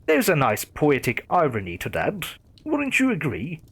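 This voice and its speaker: A man's voice: fairly high pitch, wildly swooping pitch, a little slow, a bit bright, husky, full character voice. A man voicing a sly female killer who gloats in a sing-song way. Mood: gloating.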